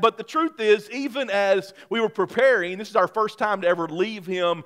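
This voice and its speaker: A man, a pastor preaching a sermon who tells a personal story in an animated way, his voice climbing high and loud when he gets excited. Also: moderate pace, hardly any pauses.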